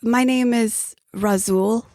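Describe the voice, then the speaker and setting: A woman's voice: a little high, steady tone, a little mellow, no room sound, clean studio sound, voice pushed up. Woman doing a welcoming old desert traveler. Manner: welcoming, unhurried, repeats "come".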